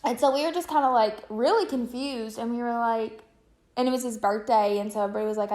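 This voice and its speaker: A woman with a somewhat high voice talks to the camera in a loose, chatty way. She tells her story in a rambling flow, full of fillers and restarts. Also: fast, darkish tone. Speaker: vlogger.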